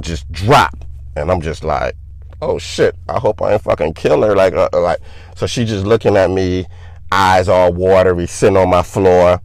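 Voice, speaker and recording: A man's voice: low-pitched, no echo. A young man casually telling a personal story, loose and profane, leaning on filler words.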